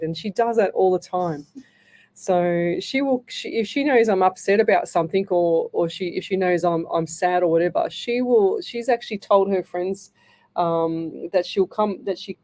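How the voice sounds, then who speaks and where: A woman's voice: mid-range voice, normal speed, warm tone. A middle-aged woman with an Australian accent, hosting a live radio show as a psychic medium and talking in a rambling way with many restarts.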